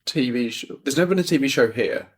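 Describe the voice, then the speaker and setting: Male podcast co-host, animated, playful banter, quick to laugh. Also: mid-range voice, husky. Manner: playful, laughs often, lively swearing banter. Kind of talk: casual chat.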